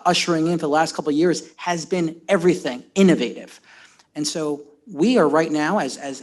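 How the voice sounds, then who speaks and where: A man's voice: fairly high pitch, a little mellow. A man, a county legislator, making an impassioned floor speech at a public session, repeating and restarting words as he builds his case. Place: legislative chamber.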